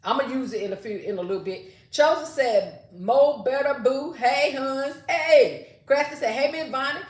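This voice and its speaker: A woman hosts a relaxed livestream and reads out viewer comments, greeting each person by name. Her voice sits a little high. The room around her is echoey. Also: moderate pace. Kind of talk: casual livestream chat.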